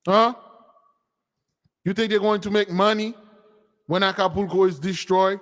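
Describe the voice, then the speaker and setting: A man's voice: sits high, fairly even intonation, unhurried, a bit bright. Rambling man with a raised voice, reverberant room. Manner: rambling, questioning, frequent "okay?". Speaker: spiritual teacher and channel host. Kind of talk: casual livestream talk. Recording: long reverb.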